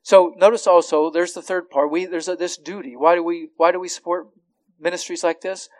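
A man's voice: high voice, steady tone, a little fast, poor audio. A man preaching a sermon as a pastor, earnest, often repeating words as he starts a phrase.

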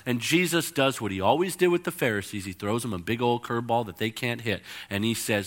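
A man's voice: mid-range voice, a little fast, hardly any pauses. A male pastor preaching a sermon in a church, explaining scripture and acting out the voices in the stories he tells. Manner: expressive preaching, acts out quoted voices.

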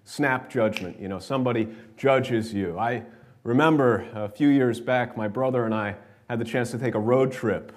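A man's voice: mid-range voice, moderate pace. American pastor guy preaching in church, chatty storytelling sermon. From New York. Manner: conversational storytelling preacher, addresses congregation directly. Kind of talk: sermon with scripture reading and prayer. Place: church sanctuary.

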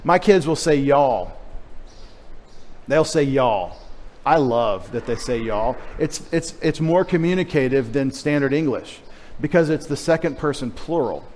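A man's voice: mid-range voice, animated, unhurried, darkish tone. A middle-aged man from Texas preaching a sermon with a light Texas accent, joking in chatty asides. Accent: Texan. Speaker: pastor. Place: church.

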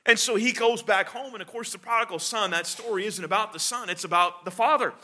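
A man preaching a sermon, earnest and halting, with many fillers and restarts. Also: sits high, bright, forceful tone.

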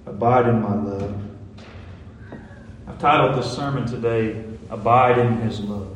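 A man's voice: mid-range voice, a little slow, a little hiss or hum. A man preaching a sermon as pastor, earnest, building to emphatic peaks. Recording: echoey hall, mic at a distance.

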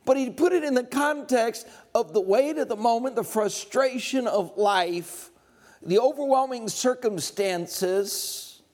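A man preaching a sermon, with passionate surges that climb high and loud and then drop to slow, low emphasis.

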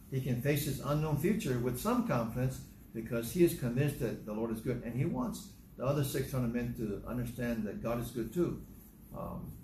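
Guy preaching a sermon, plain storyteller, reads verses out loud, roomy echo with faint hum. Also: medium pitch. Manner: plain, conversational storytelling with scripture read aloud. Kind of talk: sermon teaching through a psalm. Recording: echoey room.

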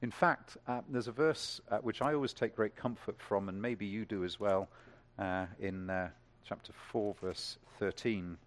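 A man preaching a sermon to a congregation, talking in a lively way, building to emphatic peaks and asking the room questions. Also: on the low side, unhurried.

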